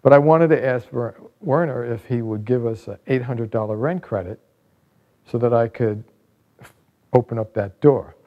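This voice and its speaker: A man in his sixties, an author and founder, telling a lively personal anecdote in a book trailer. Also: mid-range voice, moderate pace, muffled recording. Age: 60s. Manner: lively, vivid anecdote telling with bursts of excitement. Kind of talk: storytelling narration in a book trailer.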